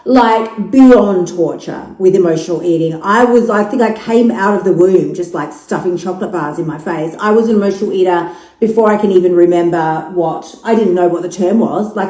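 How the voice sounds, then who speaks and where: An Australian woman in her fifties hosts her own podcast in a casual monologue, speaking at medium pitch and normal speed. She's frank and animated, telling stories full of swearing and jokes. The recording is low quality with a roomy sound.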